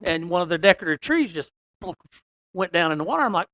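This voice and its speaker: A man's voice: high-pitched, very animated, fast, a bit bright, dry recording. Folksy rambling man, dry close sound. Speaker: podcast guest telling a story. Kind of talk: casual storytelling.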